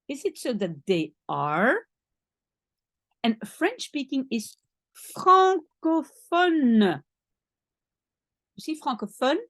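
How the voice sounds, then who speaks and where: A woman's voice: mid-range voice, dry recording, clean studio sound. A woman teaching a French lesson in English, explaining patiently step by step and spelling out each French word. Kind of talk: language lesson.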